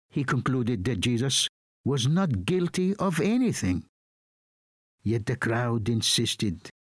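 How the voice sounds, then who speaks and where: A man preaching a sermon, reading scripture in a solemn, measured way. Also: medium pitch, no room sound, studio quality.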